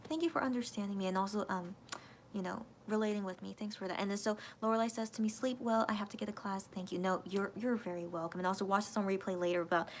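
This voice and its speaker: On a casual late-night livestream, a woman reads through viewer comments and thinks aloud, hesitant and restarting often. Her mid-range voice moves at a quick pace and cracks with emotion near tears, over slight background noise.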